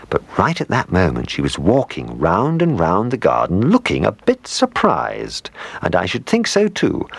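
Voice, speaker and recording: A man reading a children's story aloud, gentle and animated, with playful asides to the listener. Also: low voice, creaky, breathy edge, no room sound. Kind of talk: scripted storybook narration.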